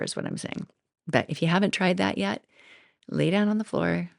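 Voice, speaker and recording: A woman's voice: fairly low pitch, normal speed, gravelly, no echo, clean studio sound. A middle-aged woman hosting her own podcast, telling personal stories in a rambling, casual way with frequent laughs and asides. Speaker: podcast host. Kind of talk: casual solo podcast talk.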